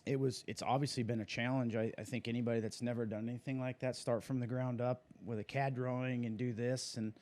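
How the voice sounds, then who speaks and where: Mellow-voiced racing driver, rambling. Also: male voice, mid-range voice, flat delivery, quick pace, hardly any pauses. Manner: rambling, many fillers and restarts. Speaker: guest, sprint car driver. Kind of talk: casual interview talk.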